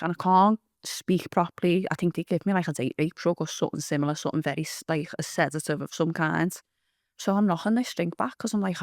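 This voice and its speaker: A woman's voice: lowish voice, fast, no echo, studio quality. A woman giving blunt, rambling testimony, swearing freely as she tells her story. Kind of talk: candid storytelling.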